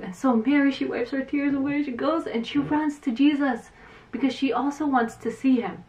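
A higher-pitched woman retells a Bible story for children as their Sunday school teacher. She tells it in a lively way, acting out the characters' words, with a few fillers. She sits a little back from the mic. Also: moderate pace, distant mic.

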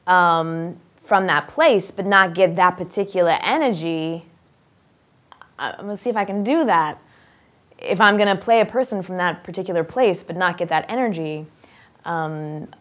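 A woman actress and accent coach talking openly and at length, animated and straightforward, thinking aloud with ums. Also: fairly low pitch. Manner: open, straightforward, talkative. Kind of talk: casual interview talk.

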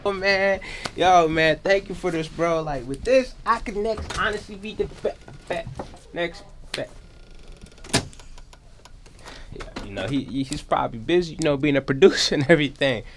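A man's voice: a little high, expressive, moderate pace, slight background noise, lightly acted. A man playing a cocky, boastful young rapper who keeps chanting his own name, in a comedy mockumentary. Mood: rapping.

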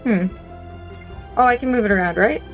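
A woman's voice: mid-range voice, normal speed, soft background music. A woman hosting a gaming channel, talking to herself as she plays, humming, reading in-game text aloud and laughing at her own scares. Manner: chatty, talks to herself, hums and reads aloud; easily startled, laughs at herself. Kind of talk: let's-play commentary.

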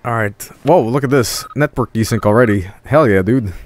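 A man streaming a video game with casual commentary, profane and excitable, often cracking up laughing. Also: mid-range voice, normal speed, slight background noise.

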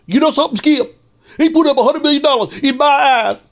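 A man putting on a mocking, loud and excitable impression of a male sportscaster. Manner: fast, high, shouty caricature.

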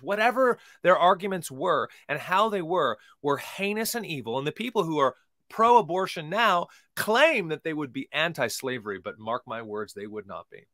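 A man hosting a podcast, giving emphatic, preachy commentary that swings between loud and quiet, and slowly reading scripture aloud. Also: fairly high pitch, big pitch swings, no room sound, clean studio sound. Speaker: podcast host.

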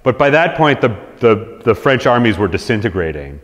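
A man giving a conversational history lecture to an audience, animated, acting out quotes in lively voices, with frequent restarts. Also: lowish voice, moderate pace. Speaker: resident historian giving a talk. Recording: lecture hall reverb.

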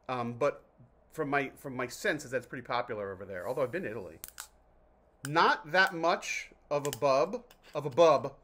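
A man's voice: on the high side, bright, forceful tone. A man from New Jersey hosting a casual vlog, reviewing mineral water in a chatty, jokey, self-interrupting way. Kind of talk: casual rambling vlog talk.

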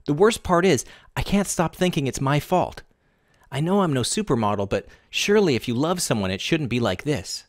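A man's voice: fairly high pitch, expressive, moderate pace, dry recording, clean studio sound, voice pushed up, close to an everyday voice. A man putting on a tearful, desperate wife. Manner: tearful, shaky pleading. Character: sobbing, desperate married woman.

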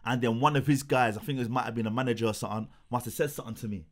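A man, a boxing coach in casual chat, telling a story with lively acted quotes. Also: medium pitch, rapid-fire.

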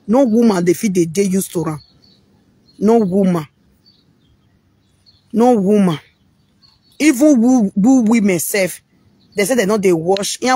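A woman's voice: medium pitch, dark tone, breathy edge, no room sound. A woman with a Nigerian accent talking frankly in a casual monologue, rambling and repeating words mid-sentence.

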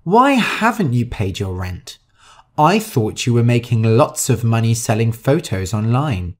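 A man's voice: mid-range voice, very animated, measured pace. A man voicing a dramatic young woman amateur actress in a storybook reading. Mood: theatrical. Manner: theatrical, dramatic.

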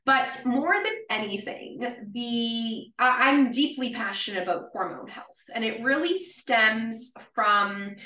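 Canadian woman guest, earnest and bright, off-mic with room echo. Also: on the high side, recorded from a distance. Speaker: guest, hormone nutritionist. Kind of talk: interview answers.

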